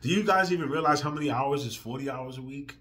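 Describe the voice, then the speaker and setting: A man ranting emotionally in a profane vlog, drifting from quiet, weary talk to loud, heated outbursts. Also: medium pitch, fast. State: emotional, near tears. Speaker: vlogger.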